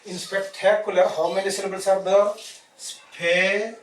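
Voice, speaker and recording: A man's voice: high voice, unhurried. A man teaching a grammar lesson, spelling words letter by letter and asking "isn't it?" after each point. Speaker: English teacher. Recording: echoey room, distant mic, faint hiss.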